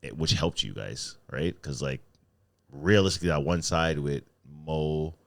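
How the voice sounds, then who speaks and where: Casual podcast co-host, male, very deep but lively, cursing storyteller. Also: measured pace, vocal fry. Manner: swears freely, animated storyteller. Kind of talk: casual sports chat.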